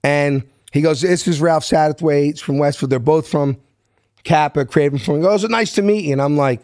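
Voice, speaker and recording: Brief: Philadelphia-accented man in his fifties, slightly high voice, animated storyteller, dry close sound. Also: normal speed, no echo. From South Philadelphia. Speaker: guest. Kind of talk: storytelling in a podcast interview.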